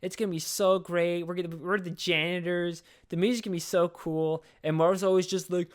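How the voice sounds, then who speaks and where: A man chatting casually about a movie on a podcast, jumping into quick put-on voices for the characters. His voice sits a bit high for a man and sounds smooth and clear. He swears freely as he talks. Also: level tone. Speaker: podcast co-host. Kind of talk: casual movie recap chat.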